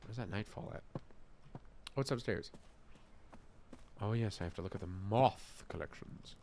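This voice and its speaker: A man streaming a puzzle game in casual commentary, thinking aloud, muttering and trailing off, with sudden excited gasps and exclamations. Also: fairly low pitch, measured pace, long pauses, slight background noise.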